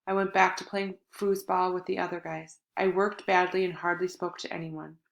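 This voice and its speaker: Earnest woman audiobook narrator, lowish voice, dramatic swings, roomy echo. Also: level tone, moderate pace, vocal fry. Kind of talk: first-person audiobook narration. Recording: echoey room.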